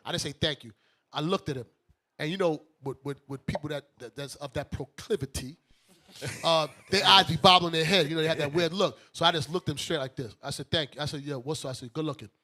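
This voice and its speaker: A man from Brooklyn tells a story in a high, bright voice, playing both sides of the conversation. His casual banter keeps moving. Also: fast talker. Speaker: bishop, radio show host.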